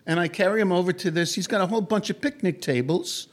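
A man with a high voice telling a personal anecdote. He talks animatedly and wanders, with frequent fillers and restarts. His storytelling is conversational and lively. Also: quick pace.

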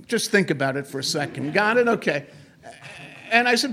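A man telling a travel story in an animated, digressive way, with many fillers and restarts. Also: high-pitched, normal speed. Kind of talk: anecdotal storytelling.

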